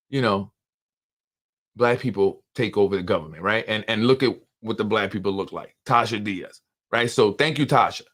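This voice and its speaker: A man's voice: fairly low pitch, a bit bright. A man hosting unscripted political commentary, emphatic and full of rhetorical questions and repetition.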